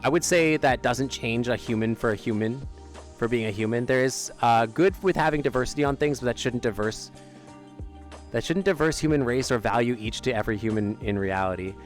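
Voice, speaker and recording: A man's voice: mid-range voice, a little fast, faint music behind. A man chatting casually on a live stream while sitting outdoors, rambling, trailing off mid-sentence and laughing often. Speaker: livestreamer. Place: outdoors near an amphitheater.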